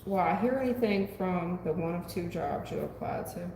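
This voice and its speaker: A woman doing a live tarot reading, blunt, profane and animated as she answers her chat. Her mid-range voice rings around a bare, echoey room with a long tail, and a faint hiss sits underneath. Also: lowish voice, moderate pace, vocal fry. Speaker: tarot reader. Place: home room.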